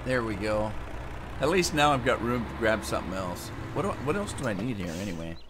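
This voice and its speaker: A man's voice: fairly low pitch, sing-song, a little fast. An American man live-streaming a farming game, thinking aloud as he plays and answering his viewers' chat. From United States. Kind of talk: live gameplay commentary. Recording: game vehicle engine noise behind.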